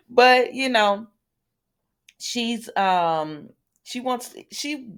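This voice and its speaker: A woman's voice: on the high side, a bit bright, smooth. A woman casually recapping a soap opera episode, retelling the characters' lines in a loose, talkative way with lots of fillers and self-corrections, and speaking straight to her viewers.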